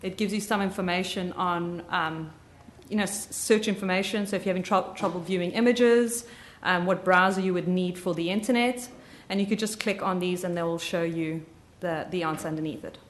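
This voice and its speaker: Lady w a slight southern drawl walking a class thru software, lowish voice, lots of ums. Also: brisk, a little hiss or hum. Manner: chatty, self-correcting, frequent ums. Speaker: software trainer. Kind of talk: live software training demo.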